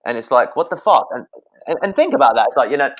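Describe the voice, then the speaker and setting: A British man, a podcast guest, giving blunt, energetic sales advice, swearing freely and addressing listeners as guys. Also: medium pitch, quick pace, muffled recording.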